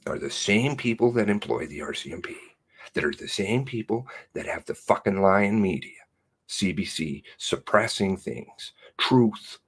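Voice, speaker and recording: A man hosting his own channel, reading out a news release in a furious, swearing rant that swings from shouts to hushed mutters. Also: lowish voice, animated, a little slow, slightly rough. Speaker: channel host.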